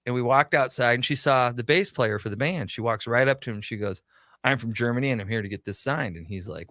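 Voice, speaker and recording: Man, middle-aged, radio guest, lively anecdotes, plays out dialogue, mid pitch, dry sound. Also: fairly quick, no echo. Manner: animated anecdote teller, acts out quotes. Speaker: guest, pop culture shop owner. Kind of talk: casual radio conversation, storytelling.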